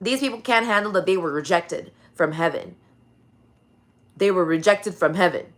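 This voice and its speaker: A woman's voice: lowish voice, expressive, moderate pace. A woman in a casual religious rant, profane and emphatic, repeating her key phrases.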